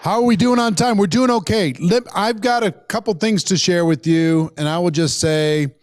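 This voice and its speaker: A man's voice: high-pitched, moderate pace. A man hosting a business event, giving an emphatic, preachy motivational talk from Minnesota. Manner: emphatic, preachy, repetitive phrasing. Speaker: event host. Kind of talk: motivational speech.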